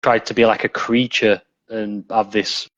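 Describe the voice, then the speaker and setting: A man's voice: on the low side, little pitch movement, measured pace, fairly bright tone, muffled recording. A man chatting casually as a podcast guest, rambling and often restarting his sentences. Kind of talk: casual chat.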